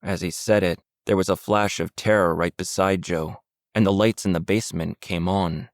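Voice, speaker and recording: A man narrating an audiobook in a steady, measured storytelling voice. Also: deep voice, no echo, clean studio sound. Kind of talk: scripted narration.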